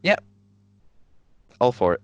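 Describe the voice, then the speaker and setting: A man's voice: takes it slowly, darkish tone, no echo, highs cut off. A man co-hosting a casual anime chat, teasing and sarcastic in tone. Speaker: podcast co-host.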